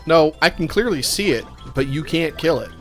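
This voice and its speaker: A man's voice: a little high, expressive, moderate pace, faint music behind. A young man co-hosting a casual gaming video, making dry, sarcastic remarks. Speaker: let's play co-host.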